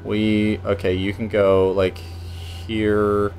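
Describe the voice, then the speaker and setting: A man casually commenting while playing a video game with a friend, joking and planning his moves out loud. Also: lowish voice, monotone, extremely slow. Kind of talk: casual let's-play commentary.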